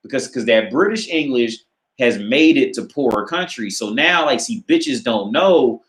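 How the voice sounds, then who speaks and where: With a mid-range voice, lively intonation, and an unhurried pace, this American host answers dating questions from viewers live. His slightly bright voice echoes, and his replies are rambling, crude, and full of fillers.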